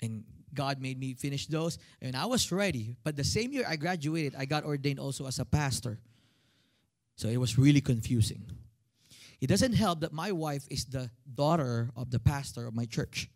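A man's voice: mid-range voice, moderate pace. A man in his thirties with a Filipino accent, preaching a sermon and calling out to his congregation. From Philippines. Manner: animated, calls out to the congregation. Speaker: pastor.

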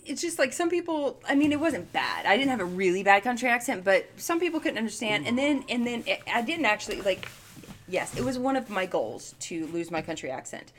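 A woman's voice: fairly high pitch, sing-song, fairly quick, a little hiss or hum. A middle-aged woman from the Southern United States co-hosting a podcast in casual, chatty talk, laughing often and restarting her sentences. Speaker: podcast co-host. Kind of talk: casual chat.

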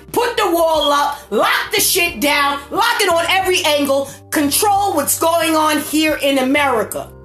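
A woman delivering an impassioned, profane political rant, repeating herself and shouting at times. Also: very high voice, reverberant. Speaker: political commentator.

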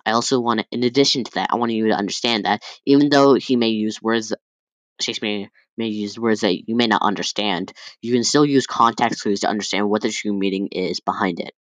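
A young man giving a casual class presentation, loose and halting with many fillers and restarts. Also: lowish voice, dry recording, poor audio. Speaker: student presenter.

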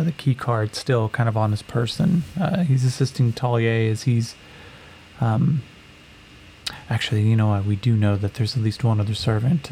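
A man's voice: mid-range voice, creaky, dark tone, slight background noise, rough recording. A man narrating a solo tabletop role-playing game as game master, casual and full of fillers, swearing now and then.

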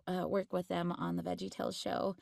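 A woman's voice: lowish voice, completely flat delivery, a little fast, gravelly, darkish tone, dry recording, clean studio sound. A woman voice actress chatting in an interview, bubbly and laughing often, with many fillers. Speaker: voice actress guest. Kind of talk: casual interview chat.

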